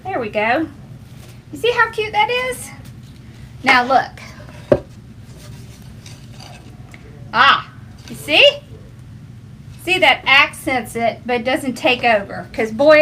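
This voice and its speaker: A woman hosts a casual craft tutorial at home, chatting in a homey way with her viewers and her dog as she demonstrates. Her voice sits high and is sing-song, pushed and bright, moving slowly with long pauses. There's slight background noise.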